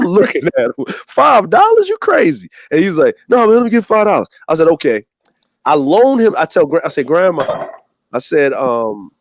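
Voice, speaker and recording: A man's voice: a little high, no room sound. A man telling a funny story in casual chat, acting out voices as he goes. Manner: animated, acts out voices in his stories. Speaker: co-host.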